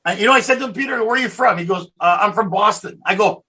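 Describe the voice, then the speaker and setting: A man hosting a podcast, chatting casually with a guest, telling loud stories full of quoted dialogue and swearing. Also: sits high, rapid-fire, hardly any pauses. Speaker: podcast host. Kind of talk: casual interview chat.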